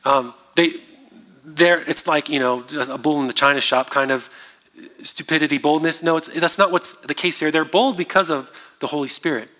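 A man preaching a sermon as a pastor, in a conversational, halting way with many fillers and restarts. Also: fairly high pitch, sharp tone. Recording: long reverb of a large hall.

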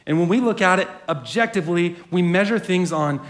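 A pastor giving a sermon and reading a story aloud in a reflective storytelling manner. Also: male voice, high voice, a little fast.

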